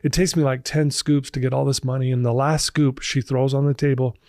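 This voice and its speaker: A man's voice: medium pitch, flat delivery, fairly quick, a little mellow, no echo, clean studio sound. A man in his fifties, a podcast guest, telling his personal recovery story in an earnest, emotional way.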